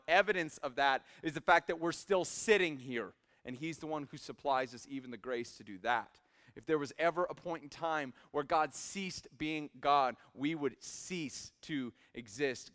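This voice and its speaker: A young man in his twenties preaching a sermon in a church, swinging from quiet asides to loud emphatic peaks. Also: fairly high pitch, smooth. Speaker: pastor. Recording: hall reverb.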